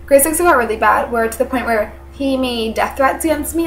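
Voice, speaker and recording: A teenage woman vlogger, congested, telling a personal story to camera in a halting, earnest way full of fillers. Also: fairly high pitch. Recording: echoey room.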